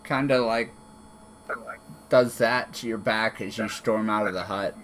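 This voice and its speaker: Slow, unhurried male game master. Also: lowish voice, slight background noise. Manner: relaxed, many fillers and restarts. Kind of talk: narrating a tabletop game over an online call.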